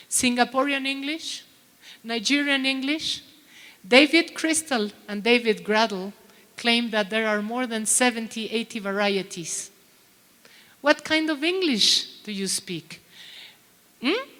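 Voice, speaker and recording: A woman's voice: a little high, a bit bright. A middle-aged woman giving a conference talk to teachers, chatty and quizzing the audience. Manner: chatty, asks the audience questions. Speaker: plenary speaker at a teachers' conference. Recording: long hall reverb.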